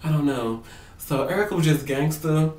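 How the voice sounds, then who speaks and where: A man casually reviewing a reality show for his vlog, talking in animated, profane slang and acting out what people said. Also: on the high side, moderate pace, distant mic. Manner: animated, profane, slangy, acts out quotes in voices. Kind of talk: casual gossip commentary to camera. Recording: roomy sound, away from the mic.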